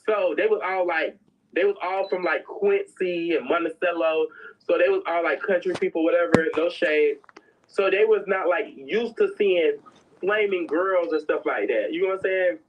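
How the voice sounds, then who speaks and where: A woman's voice: fairly low pitch, moderate pace, a little hiss or hum. A woman telling prison stories in a casual, sassy, dramatic way, slipping into other people's voices. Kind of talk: casual storytelling. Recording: dull lo-fi sound.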